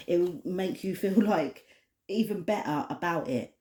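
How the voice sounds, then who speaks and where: A woman's voice: lowish voice, moderate pace, dark tone, roomy sound. A woman from the United Kingdom giving a casual oracle card reading to camera, chatty and passionate, with many restarts.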